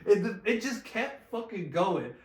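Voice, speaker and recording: A man with a slightly high voice tells a story, laughing and swearing. He sounds a bit off-mic, and the room around him echoes. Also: very animated, slow, distant mic. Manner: laughs often, swears freely, slangy. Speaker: podcast guest telling a story. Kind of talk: casual storytelling.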